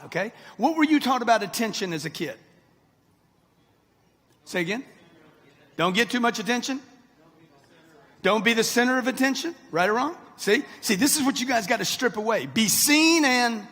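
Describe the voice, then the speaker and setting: Before a live crowd in a large event hall with long reverb, a motivational speaker in his sixties gives a brash, punchy talk. His very high-pitched voice sounds pushed and bright.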